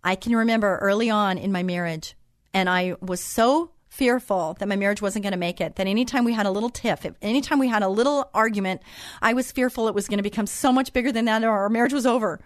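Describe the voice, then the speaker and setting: A woman hosts a Christian talk show in a chatty, encouraging voice of middling pitch, drifting from advice into her own stories. She sounds close and dry on a studio mic, with no room sound around her. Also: fast talker, no echo. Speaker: host.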